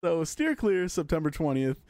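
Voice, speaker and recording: Animated man, laughing podcast co-host. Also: on the high side, moderate pace, no echo, clean studio sound. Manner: laughing, swearing, lively banter. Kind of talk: casual podcast chat. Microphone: headset.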